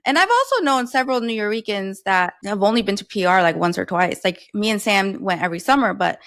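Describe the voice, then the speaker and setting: A woman's voice: mid-range voice, animated, a little fast, fairly bright tone. A woman from New co-hosting a casual podcast chat, talking reflectively and with spirit about her culture. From New York.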